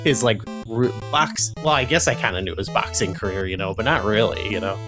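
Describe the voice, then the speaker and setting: A man's voice: lowish voice, a little fast, over music. A man co-hosting a podcast in casual chat, rambling with lots of fillers. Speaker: podcast co-host.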